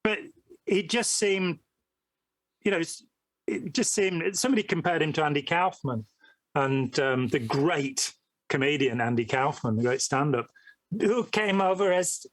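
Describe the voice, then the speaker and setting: A man's voice: a little high, unhurried, no echo. A man speaking as a guest on a podcast, rambling and hesitant, with frequent ums as he works through his thoughts. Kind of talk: conversational podcast interview.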